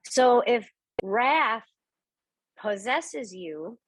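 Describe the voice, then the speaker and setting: A woman spiritual medium hosting a members' video call, telling a story with lively acted-out dialogue and then teaching slowly and softly. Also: no room sound, poor audio. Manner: animated storyteller, voice jumps high and fast when acting out excited dialogue; slows down and speaks softly and deliberately when teaching.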